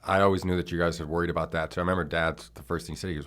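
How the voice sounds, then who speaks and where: A man's voice: low-pitched, steady tone, fairly bright tone. A man in his thirties hosting a podcast interview, telling stories in a blunt, profane way. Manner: blunt, profane, rapid storytelling. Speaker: podcast host.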